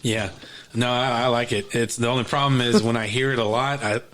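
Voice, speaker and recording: A man's voice: mid-range voice, fairly even intonation, brisk, a bit bright, a little hiss or hum. A man co-hosting a podcast, chatting casually in a rambling, self-deprecating way with many restarts. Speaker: podcast co-host. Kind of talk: casual chat.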